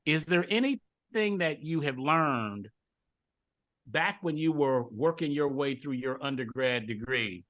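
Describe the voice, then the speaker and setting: A middle-aged man from Detroit hosting a podcast interview, telling stories in a relaxed way and often repeating words as he goes. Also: medium pitch, a little slow. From Detroit, USA. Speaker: podcast host. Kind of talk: casual interview chat.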